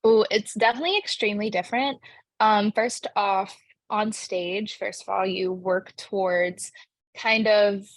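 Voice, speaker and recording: Young woman, actress guest, bubbly, chatty, middle pitch, dry close sound. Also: steady tone, a little slow, no echo. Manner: bubbly, chatty, many "like" fillers. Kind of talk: casual interview answers.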